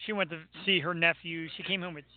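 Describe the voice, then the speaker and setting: A man's voice: fairly high pitch, fairly even intonation, fast talker. A man hosting a live talk radio show, joking brashly and crudely with his co-host. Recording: tinny phone-line audio with faint hiss.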